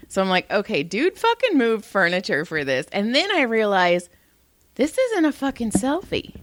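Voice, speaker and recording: A woman's voice: mid-range voice, dry recording. A woman in her thirties co-hosting a podcast, telling a story with lots of swearing and laughter. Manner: profane, animated storytelling, laughing. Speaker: podcast co-host. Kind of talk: casual chat.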